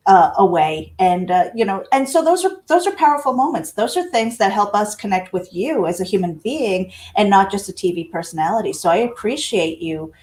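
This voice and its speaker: A woman's voice: medium pitch, expressive, fairly quick, few pauses, a little mellow. A woman co-hosting an interview, speaking earnestly and appreciatively to the guest. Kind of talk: casual interview chat.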